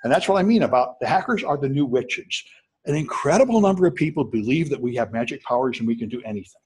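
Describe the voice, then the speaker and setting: Fast-talking husky male instructor. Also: medium pitch. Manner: animated, talks fast to students with asides. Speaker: college instructor. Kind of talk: classroom lecture.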